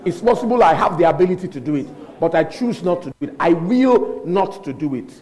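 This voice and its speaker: A man preaching a sermon, emphatic and animated, repeating lines for effect and acting out dialogue. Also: sits high, a little fast, rough recording.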